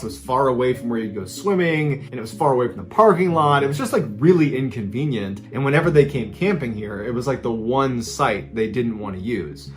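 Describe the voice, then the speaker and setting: A man in his thirties narrating a true horror story in a measured, suspenseful way, acting out the people's lines in his own voice. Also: medium pitch. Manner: measured, suspenseful delivery with quoted dialogue.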